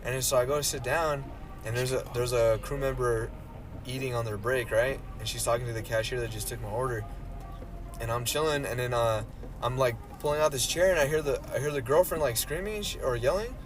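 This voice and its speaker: A man's voice: medium pitch, fairly quick. A young man co-hosting a podcast, telling a long rambling story in casual chat, full of fillers and swearing. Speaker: podcast co-host.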